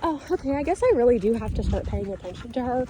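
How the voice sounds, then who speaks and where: A woman voicing the grudging inner thoughts of a restless young male dog, in a light, higher voice. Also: lively intonation, quick pace, dark tone, slight background noise, natural voice.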